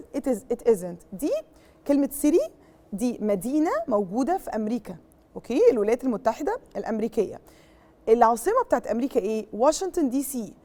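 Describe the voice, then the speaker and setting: A young woman with an Egyptian accent gives a children's English lesson, patiently repeating each word and checking in with the class. Her voice is fairly high, with a mellow, soft tone. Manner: switches between English and Arabic explanations. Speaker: English teacher.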